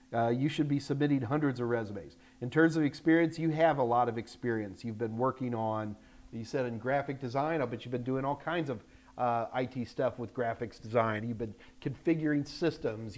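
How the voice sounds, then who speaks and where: An older man hosting a live question-and-answer stream, talking bluntly and emphatically and getting loud when frustrated. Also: medium pitch. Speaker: host answering viewer questions. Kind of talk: live Q&A chat. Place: Texas, United States.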